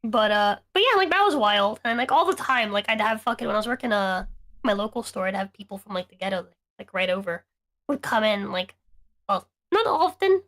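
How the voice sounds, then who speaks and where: A woman's voice: mid-range voice, lively intonation, a little fast, a bit bright. A woman co-hosting a podcast, telling stories in a heated, profane, rambling way. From Latina. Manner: profane, heated ranting storyteller. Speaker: podcast co-host. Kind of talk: casual storytelling chat.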